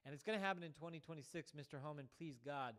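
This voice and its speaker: A man's voice: fairly high pitch, fast talker, a bit bright. A man hosting a show, giving a rambling political monologue full of "like" fillers. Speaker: show host.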